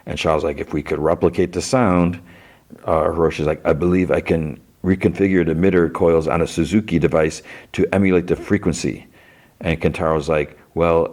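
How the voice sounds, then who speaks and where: A man hosting a podcast, casually recapping a TV episode and slipping into quick voices for the characters. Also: sits low, darkish tone. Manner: retells scenes with quick voice shifts for characters. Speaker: podcast host. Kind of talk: casual plot recap with acted quotes.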